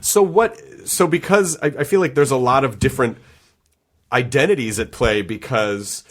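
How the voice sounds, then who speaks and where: A man's voice: mid-range voice, moderate pace. A middle-aged man hosting a casual podcast interview, asking long, thoughtful questions with restarts. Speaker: podcast host.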